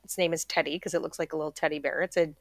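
A woman's voice: low-pitched, steady tone, racing, no echo. A middle-aged woman chatting casually as a podcast host, full of fillers and little acted-out quotes. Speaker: podcast host talking dog training. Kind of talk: casual chat.

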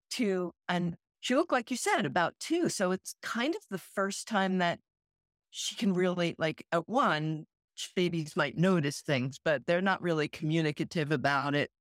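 A woman's voice: lowish voice, dry recording, clean studio sound. A woman co-hosting a podcast, talking in a thoughtful, reflective way in casual conversation. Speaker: podcast co-host, yoga and meditation teacher.

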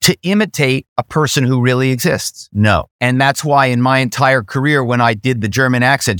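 A man who is a guest on an interview podcast, telling stories in a casual, lively way and acting out phone calls. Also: mid-range voice, moderate pace, hardly any pauses, dry recording, clean studio sound. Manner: storytelling, acts out phone calls in quoted voices. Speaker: podcast guest, former corporate spy.

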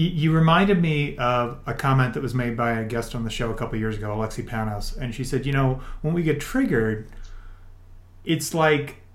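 A man's voice: mid-range voice, echoey room. A man hosting an interview show, appreciative and encouraging toward his guest. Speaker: podcast host. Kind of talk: interview conversation.

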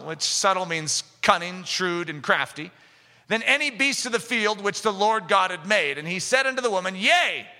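Fervent high-voiced male preacher. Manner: fervent, rising to shouts for emphasis. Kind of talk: sermon. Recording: echoey hall reverb.

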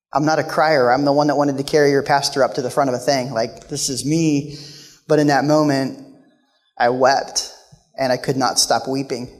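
A male guest speaker telling a personal story in a sermon, now loud, now hushed. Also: medium pitch, big-room sound. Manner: storytelling, emotional, shifts between loud and hushed.

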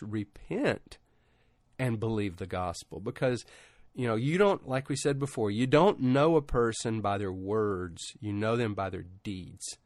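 A middle-aged male preacher talks through his sermon like a chat, drifting into stories and casual asides. His voice is mid-pitched and recorded close and dry, with no room sound, and it climbs higher when a story turns emotional. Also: no echo. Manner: informal, rambling, many "you know" asides.

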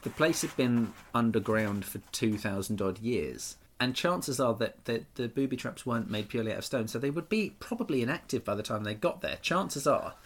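A man with a mid-range voice co-hosts a chatty podcast, joking and riffing animatedly with his partner. He speaks at normal speed with few pauses in this casual conversation.

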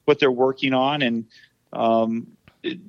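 A man's voice: medium pitch, fairly even intonation, slow, no echo, highs cut off. A man co-hosting a podcast as a pastor, speaking thoughtfully with many hesitations and fillers. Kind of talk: casual podcast chat.

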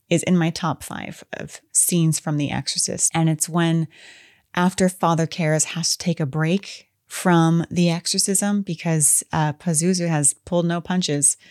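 A woman's voice: deep voice, darkish tone, dry recording, studio quality. A woman co-hosting a podcast, chatting casually about a film with enthusiastic, openly emotional fan talk. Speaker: podcast co-host.

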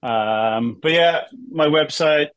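A man's voice: fairly high pitch, takes it slowly, smooth, dry recording. A man from Wales, a guest in a casual interview, telling stories in a chatty, joking way. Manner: chatty, jokey, animated storytelling.

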